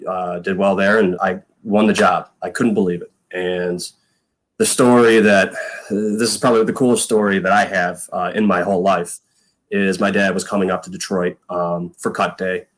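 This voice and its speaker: A man in his thirties, a former punter guesting on a podcast, telling stories in a rambling way full of fillers and quoted lines. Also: low-pitched. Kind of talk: casual storytelling chat.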